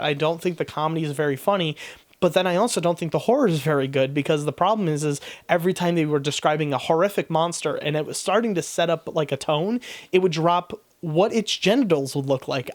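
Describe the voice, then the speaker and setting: Book reviewer, 20s: frank, profane, rambling casual delivery. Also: medium pitch. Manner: blunt, frank, swears freely; rambling, with restarts and fillers.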